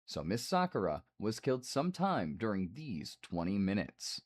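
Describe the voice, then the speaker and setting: A man streaming a game, reading the dialogue aloud and breaking off for quick asides. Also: lowish voice, sing-song. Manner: reads the game's lines aloud with asides.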